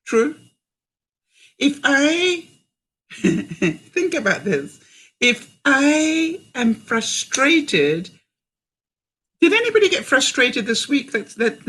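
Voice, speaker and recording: Her pitch sits in the middle and her tone is fairly bright. She's an older Canadian woman vlogging live, reading what viewers write and guiding her audience with questions.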